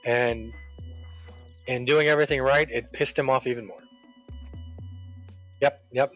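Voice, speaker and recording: Over game music in a dull, lo-fi recording, a man with a mid-range voice tells a workplace story at a measured pace as he streams, doing animated voices for the people he quotes.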